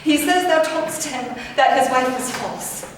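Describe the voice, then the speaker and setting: A woman's voice: high-pitched, a little slow, background noise. An actress playing an outspoken, loyal lady's maid, crying out and scolding in verse in a live stage performance. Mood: furious. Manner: impassioned, cries out and scolds in verse. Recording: echoey theatre, mic far from stage.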